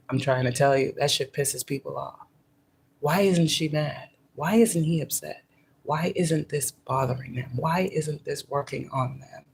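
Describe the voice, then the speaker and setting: Her deep, darkish voice has vocal fry and a breathy edge. A spiritual teacher who also manages a workplace, she gives a casual spiritual pep talk, cursing freely, speaking emphatically, and performing the voices she quotes.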